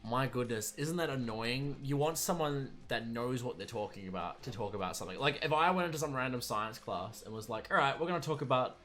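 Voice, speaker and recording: A man's voice: medium pitch, brisk, hardly any pauses, fairly bright tone, soft background music. Young man ranting sarcastically. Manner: sarcastic, exasperated, chuckling asides. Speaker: streamer and video maker. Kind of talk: casual ranting vlog.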